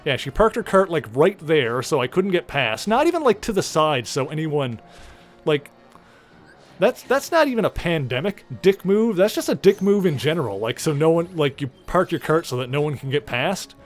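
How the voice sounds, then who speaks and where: A man's voice: fairly high pitch, very animated, moderate pace, faint music behind. A man streaming a video game, chatting casually in a rambling way, full of fillers and the odd swear word. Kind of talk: casual gameplay commentary.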